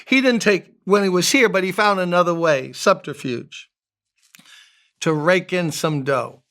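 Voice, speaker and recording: A man with a rather high, smooth and resonant voice gives a devotional sermon as a pastor. He keeps it casual and conversational, with joking asides, and reads scripture passages aloud between them. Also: unhurried, fairly bright tone.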